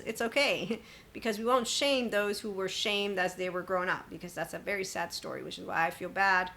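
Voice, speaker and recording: Woman podcast host, bright clear voice, chatty spiritual self-help monologue, emphatic. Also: medium pitch. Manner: emphatic, chatty, quoting others with sudden laughs.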